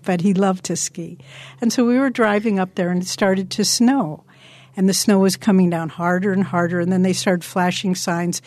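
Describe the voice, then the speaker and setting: A woman's voice: medium pitch, a little mellow, no echo. Woman teacher, meditation talk with stories, earnest, dry close sound, mid-range voice. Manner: earnest, slows words down for emphasis. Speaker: spiritual teacher.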